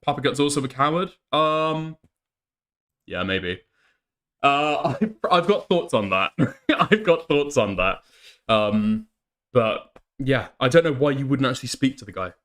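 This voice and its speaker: A man's voice: mid-range voice, animated, measured pace, a bit bright. A man hosting a commentary channel, talking casually over clips and mocking them, laughing often.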